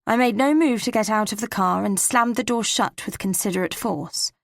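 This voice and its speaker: An English woman with a gravelly, mid-range voice narrates an audiobook in first person from a script, at a moderate pace. The recording is dry, with clean studio sound.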